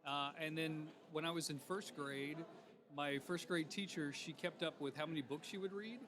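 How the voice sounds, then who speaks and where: A man who grew up in Alabama, now a TV morning news personality, telling stories as a guest in a casual interview in a lively, animated way. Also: a little high, moderate pace, noisy background. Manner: lively, animated storyteller who acts out callers. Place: expo event.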